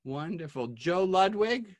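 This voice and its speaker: Man, video call host, friendly roll call, slightly high voice, computer mic. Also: lively intonation, a little slow. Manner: friendly, greets each guest by name. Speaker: host of an online class.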